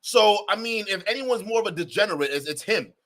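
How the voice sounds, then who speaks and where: Man, livestream reaction host, high voice, bright tone, mocking, laughs a lot. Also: fairly quick, slight background noise. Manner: animated, laughing, mocking, talks to chat.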